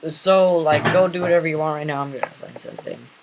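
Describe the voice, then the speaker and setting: A man's voice: on the high side, steady tone, quick pace, a little hiss or hum, poor audio. A man casually retelling an invented superhero story, rambling with many fillers and self-corrections.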